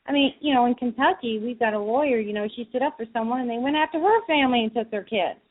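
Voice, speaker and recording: Calling in as a guest, an advocacy group director talks earnestly and casually in loose streams of thought. Her voice is a little high and fast with hardly any pauses, and it comes through with phone-line sound.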